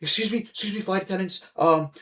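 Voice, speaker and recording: Brief: panicked young woman passenger begging for help, high and urgent, played by a man. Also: fast talker, fairly bright tone. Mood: frantic. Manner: urgent, pleading.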